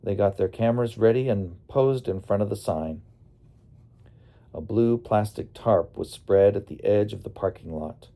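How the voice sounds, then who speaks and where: A man narrating his memoir as an audiobook in a calm, wry storytelling manner. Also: fairly low pitch, normal speed. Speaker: narrator and bus driver.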